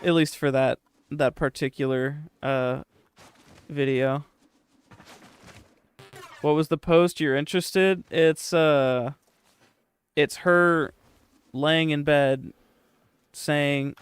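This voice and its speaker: A young man hosts a live game stream, answering chat in a loose, rambling way that is full of swearing and dry sarcasm. His voice sits a bit high for a man and comes through smooth and clear. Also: steady tone, slow, long pauses, dry recording.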